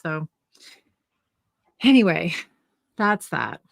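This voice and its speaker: A woman's voice: lowish voice, sing-song, extremely slow, vocal fry, no room sound, clean studio sound. An older woman co-hosting a casual knitting livestream, telling a family story in a chatty way with restarts.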